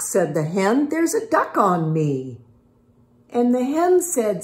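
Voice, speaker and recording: Slow, patient older woman reading to children. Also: medium pitch, big pitch swings, echoey room. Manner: slow, patient storybook reading with animal sounds. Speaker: reading teacher. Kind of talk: children's phonics lesson and read-aloud.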